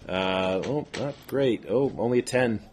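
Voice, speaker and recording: A man's voice: medium pitch, very noisy. Chatty man playing a tabletop game. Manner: chatty, quick to laugh. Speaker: player. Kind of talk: casual tabletop play.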